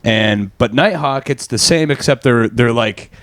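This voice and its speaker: A man's voice: medium pitch, measured pace, noisy background. A man co-hosting a comedy podcast, ranting bluntly and swearing freely in casual chat. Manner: profane, blunt, exasperated ranting. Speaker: podcast co-host.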